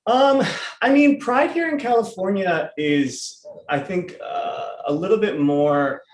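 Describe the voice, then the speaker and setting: A man's voice: high voice, takes it slowly, roomy sound. A man from the Midwest talking as a comedian guest, loose and joking with many fillers. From Midwest, near Chicago. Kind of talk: casual chat.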